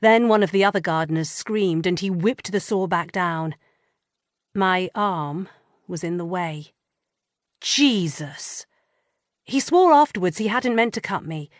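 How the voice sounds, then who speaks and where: Woman, audiobook narrator, lowish voice, dry close mic, expressive. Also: a little slow, dry recording. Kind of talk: first-person audiobook narration.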